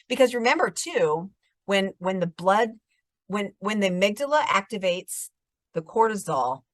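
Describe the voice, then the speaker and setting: A middle-aged woman therapist explaining trauma responses in a conversational interview, telling stories and sometimes dropping to a calm soft voice. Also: mid-range voice, unhurried, no room sound, studio quality. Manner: explanatory, animated storytelling, drops to a calm soft voice when demonstrating.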